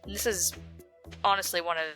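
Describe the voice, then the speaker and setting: A woman's voice: fairly low pitch, fairly even intonation, normal speed, low-quality recording. Chatty young woman rambling through gameplay. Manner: chatty, rambling, self-deprecating. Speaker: let's play gamer. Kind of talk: casual gaming commentary. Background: game music.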